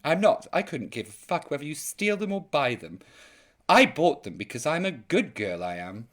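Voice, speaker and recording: A woman's voice: deep voice, big pitch swings, normal speed. A woman hosting a live online chat show, camp, theatrical and gossipy in her comic banter.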